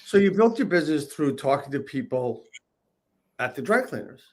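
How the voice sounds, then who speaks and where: A husky interviewer asks short follow-up questions. The pitch moves in a lively way. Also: moderate pace. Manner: brief interviewer prompts. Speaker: podcast host.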